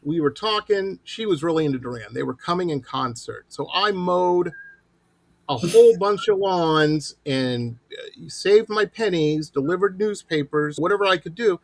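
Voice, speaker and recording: A middle-aged man hosting a show and telling stories in a lively, animated way. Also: fairly high pitch, normal speed, no room sound. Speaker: host. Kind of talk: casual storytelling.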